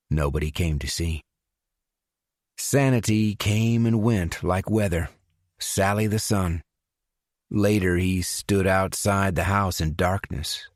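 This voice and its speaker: A man reading a dark thriller audiobook in a measured, unhurried way, giving the characters their own voices. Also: sits low, no room sound, studio quality. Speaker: audiobook narrator. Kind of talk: scripted narration.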